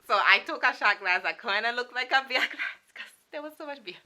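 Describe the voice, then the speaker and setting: Chatty young woman with a bright voice. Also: fairly high pitch, lively intonation, brisk. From Saint Martin. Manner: chatty, playful, laughing asides. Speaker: vlogger showing a souvenir collection. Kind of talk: casual chat.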